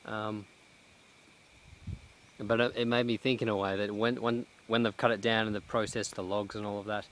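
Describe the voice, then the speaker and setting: A man talks slowly and thoughtfully into a handheld camera while out walking, restarting his sentences often. His voice sits a little low, and he sounds slightly short of breath. Faint outdoor noise runs beneath him. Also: little pitch movement, fairly bright tone. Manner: reflective, halting, many restarts and fillers. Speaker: vlogger. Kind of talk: casual vlog monologue. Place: outdoors in a cut-down pine plantation.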